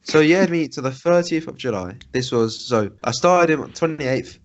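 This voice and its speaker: A man's voice: a little high, animated, normal speed. A young man co-hosting a podcast, rambling and swearing as he retells an annoying story in casual chat. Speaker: podcast co-host. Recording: dull lo-fi sound.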